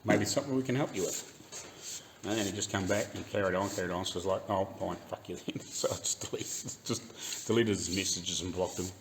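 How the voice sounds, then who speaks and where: A man's voice: deep voice, fairly quick, background noise. A man with a New Zealand accent ranting casually in his garage workshop, swearing freely and laughing often. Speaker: car restoration YouTuber. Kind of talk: casual rant while working in garage.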